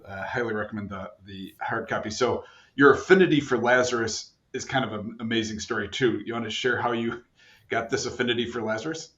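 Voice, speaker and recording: A man hosting a podcast, asking questions in a relaxed way with fillers. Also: mid-range voice, fairly quick. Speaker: podcast host. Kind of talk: casual podcast interview. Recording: roomy, slightly muffled.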